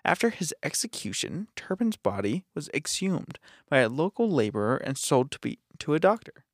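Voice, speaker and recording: A man's voice: fairly high pitch, big pitch swings, normal speed, no room sound, studio quality. A man co-hosting a podcast, casually reading spooky forest history aloud with offhand asides. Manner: reads aloud with asides and swearing. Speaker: podcast co-host. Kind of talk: casual reading of ghost stories.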